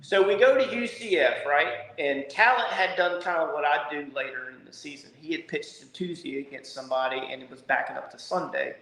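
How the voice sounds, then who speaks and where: A middle-aged man, a former college pitcher telling lively stories as a podcast guest and acting out quotes. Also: a little fast, hardly any pauses. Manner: animated storyteller, acts out quotes. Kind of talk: casual storytelling. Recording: echoey room.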